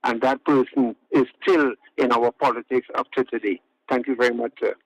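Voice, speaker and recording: A man's voice: medium pitch, steady tone, normal speed, low-quality recording. A man calling in to a radio talk show, giving his opinion earnestly and stressing his points by repeating words. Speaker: radio call-in caller. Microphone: phone line to radio studio.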